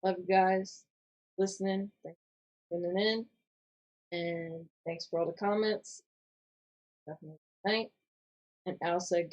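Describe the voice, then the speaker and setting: A woman co-hosting a casual podcast while ill with a sore throat, speaking quietly and reading viewer comments. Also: on the low side, steady tone, measured pace, pauses often, poor audio. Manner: quiet, subdued. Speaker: podcast co-host.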